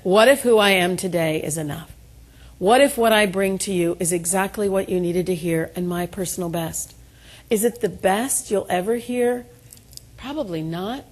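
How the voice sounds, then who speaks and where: This middle-aged keynote speaker has a fairly low pitch and talks at a moderate pace. She gives a motivational address to an audience in an event room, sharing stories laced with self-deprecating humor and prompting the crowd to respond.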